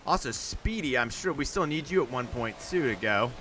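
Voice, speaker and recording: A man hosting a live stream, calling viewers' monster truck runs and reading out scores in a chatty, upbeat way with excited outbursts. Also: medium pitch, moderate pace, soft background music. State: out of breath. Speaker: live stream host and announcer. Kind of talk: live-stream play-by-play commentary.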